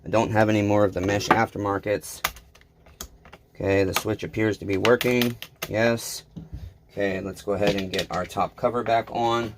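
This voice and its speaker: A man with a lowish voice talks through a chainsaw repair at his workshop bench. He is blunt and self-deprecating and keeps drifting into rambling asides to his viewers. His delivery stays fairly flat, with faint noise behind him. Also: normal speed. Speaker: small engine repair vlogger. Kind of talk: casual talk while repairing.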